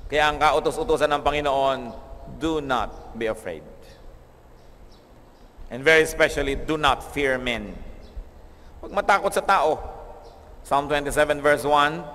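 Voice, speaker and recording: Filipino pastor preaching in a long hall. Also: male voice, a little high, expressive. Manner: switches between Tagalog and English, reads scripture slowly and softly. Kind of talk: radio sermon.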